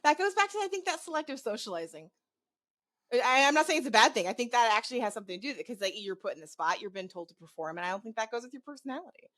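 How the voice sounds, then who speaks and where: Animated woman with a lively voice. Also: a little high. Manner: animated, laughs often, quick bursts of speech. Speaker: podcast co-host and game master. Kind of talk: casual chat.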